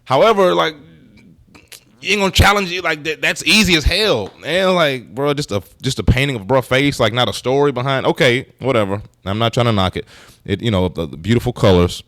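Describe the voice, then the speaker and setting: A man talks loosely through his own commentary, joking, swearing and wandering into side stories. The sound is dry and close, with no room echo. His pitch sits at an ordinary male middle. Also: a little fast, fairly bright tone. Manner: joking, profane, rambling asides. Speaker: commentary channel host. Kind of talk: casual commentary.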